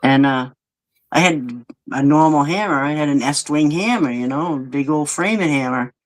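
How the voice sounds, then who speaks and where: A man in casual chat, telling a work story in an unhurried, laid-back way. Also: a little high, poor audio.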